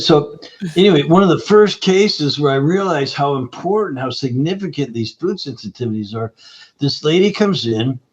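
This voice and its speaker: Male guest, animated storyteller, mid pitch, slightly muffled recording. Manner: lively anecdotal storyteller. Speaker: guest nutritionist. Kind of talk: storytelling interview talk. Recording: slightly dull lo-fi audio.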